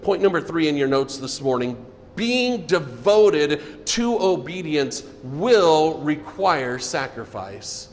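A man preaching a sermon as pastor, earnest, often dropping to a soft low voice for emphasis. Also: very animated, slow pace, in a large hall.

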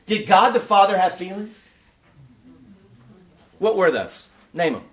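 A man leading an interactive teaching session at a conference, quizzing his audience in an animated way. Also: high voice, measured pace. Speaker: workshop teacher.

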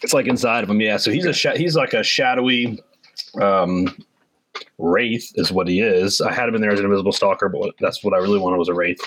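A man with a fairly low voice runs a tabletop role-playing game as its game master. He recaps the story casually, pausing often on fillers. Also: a bit bright, dry recording, poor audio. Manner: casual, hesitant with many fillers.

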